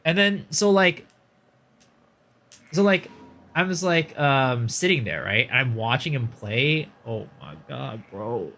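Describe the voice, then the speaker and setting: Lively, chatty male game streamer. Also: mid-range voice, slow pace, creaky. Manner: rambling anecdotal storytelling with many fillers; gets loud and exasperated when ranting. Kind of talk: casual live-stream chat.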